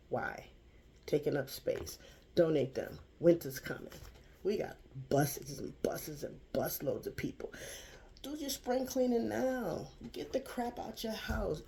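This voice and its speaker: A woman's voice: medium pitch, gravelly, warm tone, slight background noise. An older woman vlogger talking casually to camera in a chatty, folksy, preachy way.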